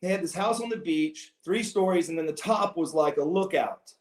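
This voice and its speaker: A man telling long rambling stories in casual podcast banter, breaking into loud laughs. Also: a little high, moderate pace, echoey room. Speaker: podcast guest.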